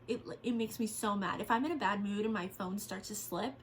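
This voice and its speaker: A woman's voice: mid-range voice, fairly quick, a little hiss or hum. A young woman vlogging from home, talking in a candid, rambling way and venting about her day with lots of fillers. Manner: candid, rambling, vents frustration with frequent fillers. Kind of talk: casual vlog chat.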